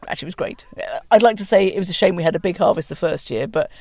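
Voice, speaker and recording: A man, a vineyard owner explaining in a measured, detailed way. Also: high voice, lively intonation, vocal fry, a little mellow, no room sound. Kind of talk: interview. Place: outdoors at a vineyard.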